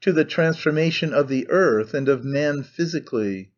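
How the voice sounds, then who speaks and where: A man's voice: on the high side, normal speed, dull audio, close to an everyday voice. A man reading an intense, obsessed young man. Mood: fervent. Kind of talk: audiobook character reading.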